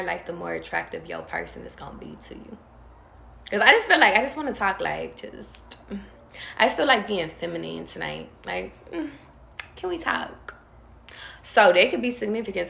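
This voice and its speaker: Tarot reader, woman, calm and drawn-out delivery, low gravelly voice. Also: echoey room. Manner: calm, drawn-out, talks straight to viewers. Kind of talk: casual tarot reading.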